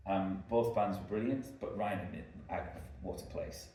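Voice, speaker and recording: A man with a low-pitched, mellow voice shares meandering travel anecdotes at a moderate pace as a podcast co-host, filling gaps with "like" and "um." The casual chat is captured by a far-off mic in an echoey room with a little hiss or hum.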